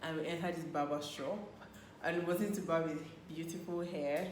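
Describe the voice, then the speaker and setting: A young woman casually telling a story about her partner, animated, laughing often and acting out what was said. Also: low-pitched, normal speed. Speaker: co-host of a couples channel. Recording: echoey room with faint hum.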